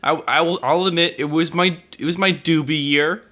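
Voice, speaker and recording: A man co-hosting a podcast, telling a crude story in casual banter with quick stammered restarts. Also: on the high side, steady tone, sharp tone, slight background noise. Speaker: podcast co-host.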